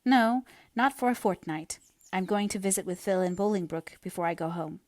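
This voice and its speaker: A woman voicing an emotional young woman who pleads and rushes, her voice lifting high. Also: no echo, clean studio sound, close to an everyday voice. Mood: pleading. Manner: rapturous, pleading, then distressed.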